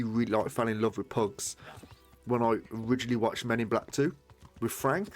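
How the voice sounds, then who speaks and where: A man chatting while he streams a game, rambling from topic to topic and swearing freely. His voice sits mid-range on a desk mic at home, with faint game music underneath. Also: medium pitch. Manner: rambling, sweary, laughs easily. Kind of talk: casual live-stream chat.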